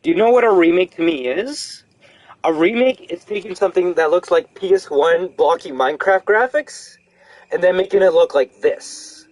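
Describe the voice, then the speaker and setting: A young man streaming a horror game, rambling casually to chat with animated, profane commentary. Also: high-pitched, normal speed, no room sound. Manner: rambling, animated, swears freely. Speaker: gaming streamer.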